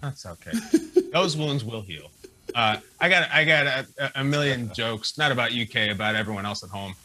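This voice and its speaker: A man's voice: mid-range voice, lively intonation, moderate pace, bright, forceful tone. A man co-host of a morning sports show, telling a jokey story in casual chat.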